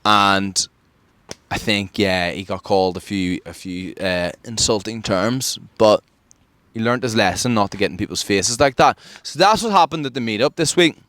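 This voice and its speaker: A man from Ireland hosting a podcast, telling a story in casual chat and acting out quotes with big jumps in pitch. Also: moderate pace, a bit bright. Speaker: podcast host.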